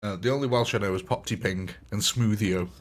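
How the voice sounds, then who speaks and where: A man's voice: on the low side, fairly quick. Chatty man hosting a game livestream. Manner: chatty, laughs often, talks to chat. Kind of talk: casual live gameplay chat.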